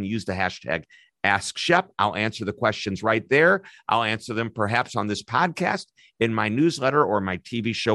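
A man's voice: on the low side, a bit bright, no room sound, studio quality. A man hosting a business interview podcast, upbeat and chatty, who sometimes stumbles over his words. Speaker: podcast host.

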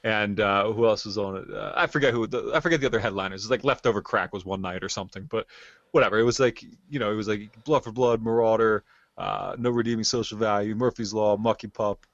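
A man's voice: lowish voice, fast talker, a bit bright, dry recording. A man in his thirties telling a long story in casual chat, rambling with many fillers. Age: 30s. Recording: dull lo-fi sound.

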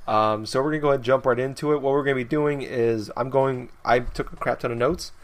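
Young guy hosting a gaming podcast, easygoing, rambles thru his notes and laughs a lot, mid-pitched voice. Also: steady tone, fast. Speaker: podcast host. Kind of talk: casual gaming podcast chat.

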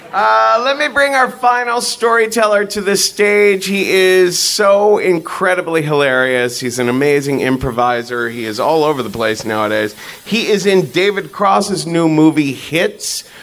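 A man's voice: on the high side, a bit bright. A man hosting a live storytelling show, enthusiastically introducing the next performer. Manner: enthusiastic, promotional. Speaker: host. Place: stage with live audience.

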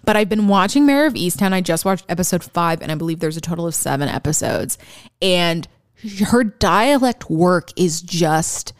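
A woman's voice: on the low side, lively intonation, moderate pace, no room sound, studio quality. A young woman co-hosting a podcast in casual chat, enthusiastic, swearing freely and laughing often. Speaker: podcast co-host.

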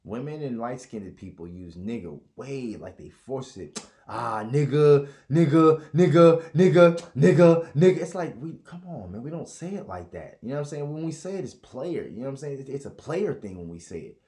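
Profane, rambling man with a lively voice. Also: medium pitch, brisk. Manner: profane, rambling, mocking impressions. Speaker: podcast host. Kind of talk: casual podcast monologue.

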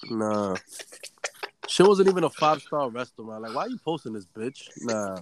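A man's voice: mid-range voice, very animated, moderate pace, background noise. A man co-hosting a podcast who argues and jokes in a brash, profane way. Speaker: podcast co-host. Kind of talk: casual podcast banter.

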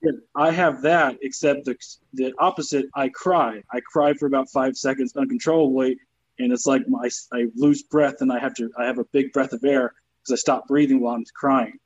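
A man's voice: mid-range voice, steady tone, moderate pace, dry recording, highs cut off. A young man, a comedian, telling stories casually with a lot of swearing and jokes about his own troubles. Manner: profane storytelling, joking about his troubles. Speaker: comedian guest. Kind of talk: casual podcast chat.

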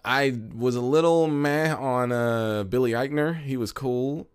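A man's voice: medium pitch, a little slow, clean tone. A man co-hosting a casual podcast, giving rambling, opinionated takes with many restarts. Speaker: podcast co-host. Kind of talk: casual chat.

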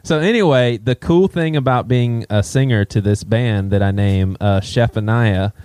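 A man's voice: medium pitch, moderate pace, a little mellow, smooth, no room sound. A man with a nasal voice chatting casually and eagerly as a co-host on a podcast. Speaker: podcast co-host, band singer. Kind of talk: casual chat.

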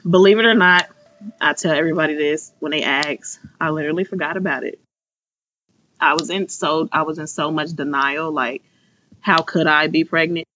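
A woman's voice: low-pitched, steady tone, normal speed, bright, forceful tone, a little hiss or hum. A young woman in her twenties from Chicago, candidly telling her own story, with lots of fillers, acting out her past thoughts aloud. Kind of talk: personal storytelling. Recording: slightly muffled, faint music behind.

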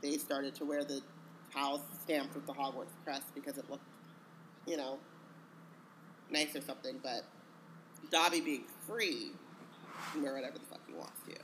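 Bright, rambling male podcast co-host. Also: mid-range voice, steady tone, moderate pace, pauses often, a little hiss or hum. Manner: rambling, hesitant, many filler words. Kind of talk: casual chat.

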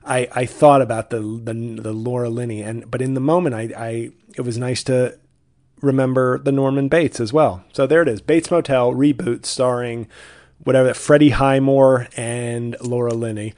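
A man's voice: medium pitch, steady tone, moderate pace, a little mellow. Rambling comedic man podcasting. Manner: rambling, self-interrupting. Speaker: podcast host. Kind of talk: casual comedic monologue.

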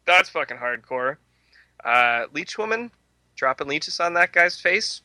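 A young man with a very bright, ringing voice, joking through a movie discussion on a podcast. He riffs with crude humor and breaks into laughter often. The sound is close and dry. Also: a little high, expressive, a little slow, dry recording. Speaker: podcast co-host. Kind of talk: casual movie commentary podcast.

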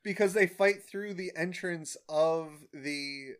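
A man's voice: sits high, slow pace, a crowd in the background. A man co-hosting a podcast in casual chat, recapping a cartoon episode in a laid-back, rambling way. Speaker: podcast co-host.

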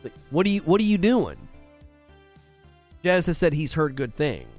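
A man on a live stream argues with his chat in a skeptical, argumentative manner, often stumbling over repeated words. His fairly high voice swings up and down with lively energy. Faint music plays behind him. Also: normal speed.

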